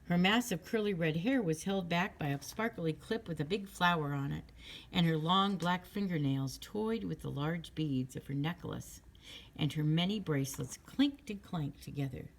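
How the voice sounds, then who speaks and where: Low-voiced woman reading a children's book. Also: normal speed. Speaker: narrator. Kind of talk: children's audiobook narration.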